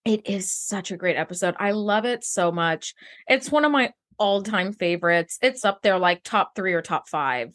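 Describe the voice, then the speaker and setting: A woman's voice: medium pitch, animated, moderate pace, fairly bright tone. A woman co-hosting a podcast who gushes emotionally about a TV episode and peppers her speech with "like.". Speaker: podcast co-host. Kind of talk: casual chat about a TV episode.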